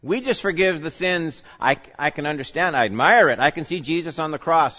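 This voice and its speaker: Male pastor, conversational sermon, mid-pitched voice, dull lo-fi recording. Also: expressive, moderate pace, few pauses, a bit bright. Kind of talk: teaching sermon. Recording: reverberant hall, dull lo-fi sound.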